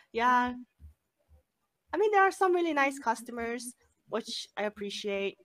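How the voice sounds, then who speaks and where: A young woman talking casually with a friend, her voice bright and a little high. She tells stories with animated energy, peppered with swearing and filler "like"s, recorded dry and close. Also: takes it slowly, no echo. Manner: animated storytelling, frequent swearing and "like". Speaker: cashier. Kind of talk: casual chat.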